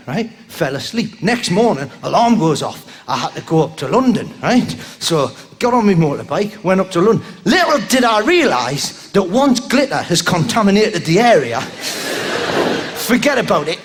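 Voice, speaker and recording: A man doing a live stand-up routine, rambling and tagging lines with "right?", breaking into sudden shouts. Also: sits high. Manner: bursts into shouts. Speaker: stand-up comedian. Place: live comedy venue with audience. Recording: live show with crowd noise.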